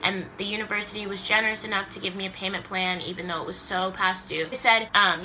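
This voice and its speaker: Barely pausing, a young LA woman races through an emotional story on her casual vlog, her mid-range voice bright and forceful. She says "like" again and again and mimics the people she quotes, with slight noise in the background.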